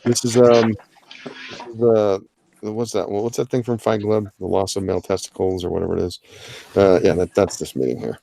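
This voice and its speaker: A man's voice: fairly low pitch, fairly even intonation, moderate pace, creaky, warm tone. A man hosting a live drawing-challenge stream, chatting casually with plenty of filler and joking asides. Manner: rambling, filler-heavy, jokey asides. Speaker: livestream host of a drawing challenge. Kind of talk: casual livestream commentary.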